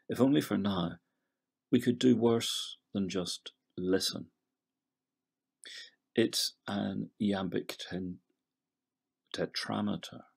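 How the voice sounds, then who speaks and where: Slow, gravelly male professor. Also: sits low. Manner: measured, analytical, trails off softly at phrase ends; scans verse syllable by syllable. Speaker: literature professor. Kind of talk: recorded lecture on poetry.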